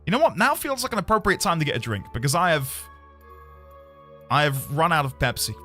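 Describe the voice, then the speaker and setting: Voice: medium pitch, very animated, brisk, pushed and bright. A streamer playing a story game live, chatting to viewers and bursting into laughter and wails. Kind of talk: casual live-stream commentary. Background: game music.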